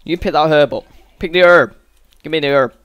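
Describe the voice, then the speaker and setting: A man's voice: a little high, brisk, clear, resonant tone, no echo, lo-fi sound. A man giving sweary, exasperated running commentary over a video game as a gaming channel host. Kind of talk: let's-play game commentary.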